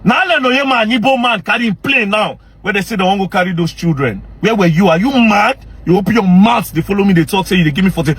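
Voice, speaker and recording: A young man with a Nigerian Pidgin English accent, ranting angrily and confrontationally straight to camera as a social media commentator, often breaking into shouts. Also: sits high, brisk, hardly any pauses, husky. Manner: angry, confrontational, repeatedly shouting. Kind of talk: heated direct-to-camera rant.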